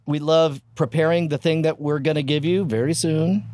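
A man's voice: a little high, fairly even intonation, moderate pace, darkish tone, no echo. A man co-hosting a podcast, riffing in loose comedic banter and laughing often. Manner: jokey, riffing, breaks into laughter. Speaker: podcast co-host.

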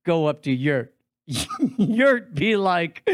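A man's voice: a little high, big pitch swings, extremely slow. A man reading silly internet posts aloud on a comedy podcast, often breaking into laughter as he goes. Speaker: podcast co-host.

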